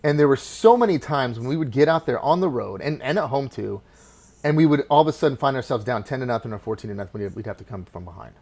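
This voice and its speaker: A middle-aged man hosts a solo sports podcast, his voice sitting at an ordinary middle pitch. He talks with passion and rambles, restarting his sentences often. He drops into quiet asides and then swells into loud, excited bursts. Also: fast. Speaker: podcast host.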